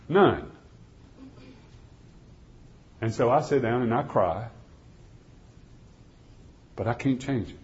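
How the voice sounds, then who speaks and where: Preacher swinging from loud to hushed. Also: male voice, on the low side. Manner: swings from loud pleading to hushed near-whispers while telling a story. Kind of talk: sermon with dramatic storytelling. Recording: dull lo-fi recording.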